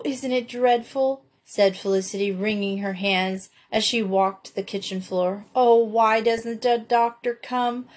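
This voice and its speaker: A woman narrating a classic children's novel, reading steadily and expressively. Her voice sits at a middle pitch. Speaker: audiobook reader.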